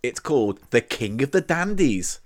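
A man's voice: medium pitch, big pitch swings, normal speed. A man hosting a podcast, mock-grumpy and exasperated as he tries to read stories. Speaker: podcast host reading stories. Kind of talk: casual banter.

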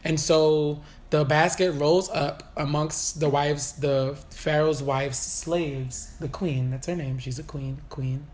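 A woman's voice: sits low, fairly even intonation, slow pace, few pauses, a little mellow. A woman telling a Bible story as comedy, profane and slangy, acting out the characters and breaking into laughter. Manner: profane, slangy, acts out the characters, laughs at her own lines. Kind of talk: comic retelling of a Bible story.

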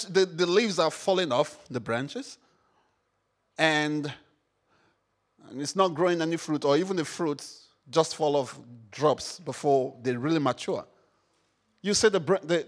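A man preaching a sermon, repeating phrases, firing questions at the congregation and rising to shouts. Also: fairly high pitch. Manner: call-and-response, repeats phrases, rises to shouts; rhetorical questions to the audience.

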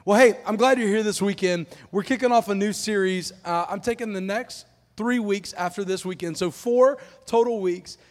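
A man preaching a live sermon to a congregation, lively and joking in a casual, down-to-earth way. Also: high voice. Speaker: pastor. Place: church auditorium. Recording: long reverb of a large hall.

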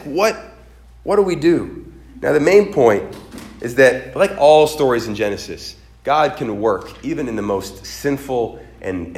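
A man's voice: mid-range voice, roomy sound. A male pastor giving a sermon, telling stories with quoted voices and building to emphatic peaks. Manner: animated storytelling, voices quoted characters, rises to emphatic peaks.

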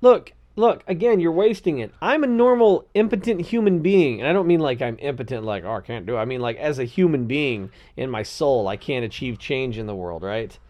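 A man's voice: mid-range voice, animated, brisk, few pauses, darkish tone, lo-fi sound. A man co-hosting a casual political chat podcast, rambling with hesitations and going into comic rants.

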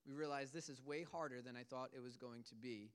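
A man's voice: mid-range voice, fairly even intonation, a little fast, smooth. A man preaching a sermon, retelling a scripture story in earnest, casual storytelling words. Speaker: pastor.

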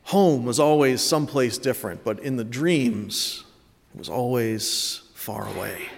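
Reflective pastor near forty, reverberant hall. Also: male voice, mid-range voice. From Connecticut, USA. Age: late 30s. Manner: reflective storytelling with dry self-mocking humor. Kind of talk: sermon.

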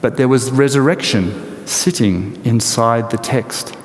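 A man preaching a sermon in a lively, animated storytelling way with rhetorical questions, in a large hall or church. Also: mid-range voice, measured pace. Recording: echoey hall with long reverb and faint noise.

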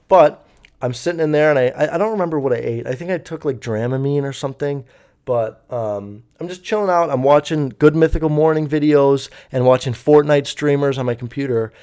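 A man's voice: mid-range voice, mellow. A young man telling a story casually, rambling and swearing with lots of fillers. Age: young adult. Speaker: vlogger.

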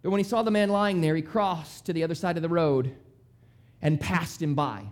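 A male pastor with a high, light voice delivers a sermon. He talks in a casual, animated way and keeps the congregation hooked as he acts out the lines of the story. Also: normal speed. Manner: animated, conversational preaching with dramatic voiced quotes.

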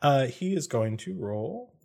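A man's voice: mid-range voice, expressive, a little slow, creaky, a little mellow. A man narrating a tabletop game as game master, hesitant, with frequent fillers.

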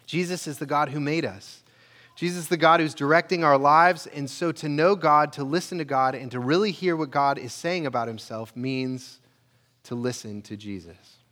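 A male pastor preaches in a conversational style at normal speed, rising for emphasis when he asks questions and going low and quiet on the lines that matter most.

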